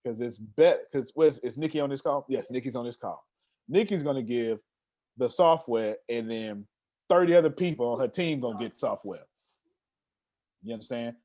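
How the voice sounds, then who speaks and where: A man's voice: mid-range voice, normal speed. A man hosting an online meeting on a video call, talking in a casual motivational way with streetwise slang and a lot of repetition. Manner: animated, streetwise slang, repeats himself.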